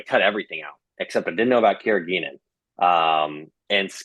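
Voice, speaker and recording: A man's voice: low-pitched, fairly bright tone, dry recording. A young man casually recounting a personal story, full of fillers and quoted back-and-forth. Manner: conversational, many fillers and quoted dialogue. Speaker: guest telling his story.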